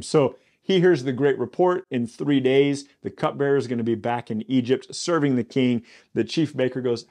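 Animated, jokey pastor teaching scripture. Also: male voice, mid-range voice, fairly quick. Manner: animated storyteller, jokey, builds to loud exasperation. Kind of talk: Bible study podcast teaching.

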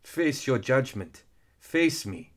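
A man voicing a furious fiery female angel warrior, booming and commanding with slow, drawn-out words. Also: animated, natural voice. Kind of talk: audiobook character voice.

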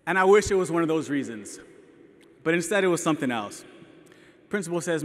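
A man's voice: a little high, animated, a little fast, long pauses. A young man from El Paso, a teacher giving an earnest, emotional keynote speech to an audience, with self-deprecating humor. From El Paso, Texas. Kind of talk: personal storytelling speech. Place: large hall with audience. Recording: long hall reverb.

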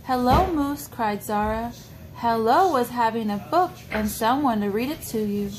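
A woman with a slightly high, expressive voice reads a picture book to a small child at an unhurried pace, coaxing the child and asking questions to point things out. Background noise can be heard.

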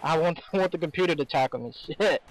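A man commentating his own video game match, swearing often and swinging between excitement and exasperation. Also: on the high side, fairly quick, poor audio. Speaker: gameplay commentator.

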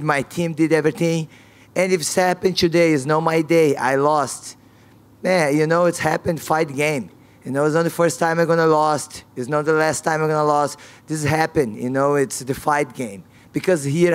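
At a press conference, a woman fighter speaks in a low voice, using frank, non-native English with broken grammar and repeating key words.

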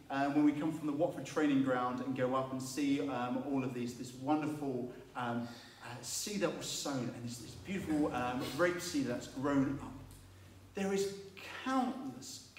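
A man preaching a sermon, telling Bible stories with lively acted-out voices. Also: mid-range voice, slight background noise. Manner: animated storytelling, acting out biblical voices. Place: church. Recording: echoey room, mic at a distance.

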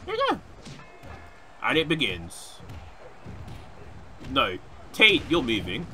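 A young man giving casual, excitable gameplay commentary, often shouting at opponents. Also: fairly high pitch, slow pace, a little hiss or hum. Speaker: gaming YouTuber.

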